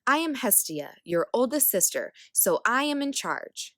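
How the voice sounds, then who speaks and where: A woman's voice: fairly high pitch, very animated, a little slow, fairly bright tone, no echo, studio quality, pitched above the performer's own voice. A woman voicing a bossy eldest goddess sister who claims to be in charge in a storybook reading.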